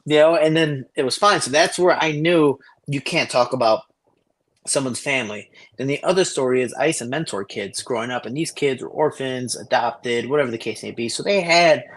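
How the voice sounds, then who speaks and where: A man co-hosting a casual podcast, telling stories in a profane, animated way over a remote connection. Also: mid-range voice, a little fast. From Cicero, Illinois area. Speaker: podcast co-host. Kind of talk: casual podcast chat, storytelling. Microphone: remote call over shaky Wi-Fi.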